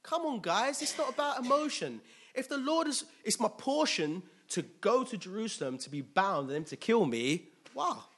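A man preaching a sermon with animated, emphatic delivery and call-and-response. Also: high-pitched, normal speed, slightly rough.

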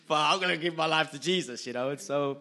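A man preaching a conversational sermon, chatty and quick to laugh, often asking listeners if they follow. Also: a little high, sharp tone.

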